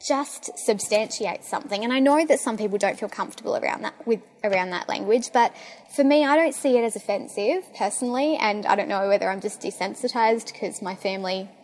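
A young woman with an Australian accent, talking casually and excitably as a podcast host, with lots of fillers. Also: medium pitch, brisk. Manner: chatty and excitable, full of fillers. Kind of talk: casual monologue.

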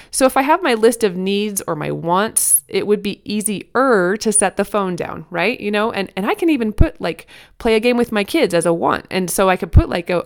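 A woman's voice: mid-range voice, clean tone. A woman in her thirties hosting a parenting talk, chatting earnestly with many restarts and fillers. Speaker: parenting podcast host. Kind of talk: casual advice talk.

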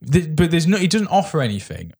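A man's voice: fairly high pitch, sing-song, fairly quick, a little mellow, husky. A man co-hosting a casual film review chat, rambling with frequent restarts and hesitations. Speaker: podcast co-host.

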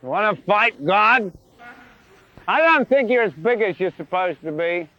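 A man's voice: high voice, expressive, unhurried. A man voicing a cocky little human man who boasts and taunts God, in a lo-fi recording. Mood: taunting.

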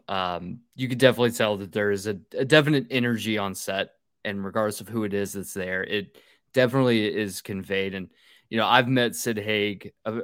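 A man's voice: lowish voice, dry recording, studio quality. A man hosting an interview podcast, telling stories in a loose, chatty way with easy swearing and laughter. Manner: animated storyteller, swears and laughs freely. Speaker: podcast host. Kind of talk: casual interview chat.

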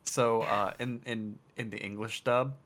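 A man's voice: fairly low pitch, fairly even intonation, unhurried, a bit bright. A man co-hosting a podcast in casual chat, explaining things in a wry, profane way. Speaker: podcast co-host.

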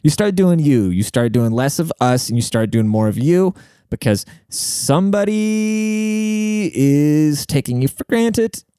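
A man's voice: fairly high pitch, big pitch swings, measured pace, warm tone, clear, resonant tone, dry recording, clean studio sound. A man hosting a podcast in casual, rambling chat full of swearing and filler words, giving relationship advice. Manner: profane, rambling bro-talk with filler words. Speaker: podcast host and rapper.

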